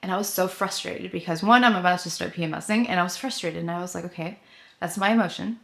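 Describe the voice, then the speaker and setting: A woman's voice: lowish voice, fast talker, creaky. A woman in her thirties giving a casual motivational talk to camera, chatty and full of fillers, acting out her own inner voice. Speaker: vlogger, coach for ambitious women.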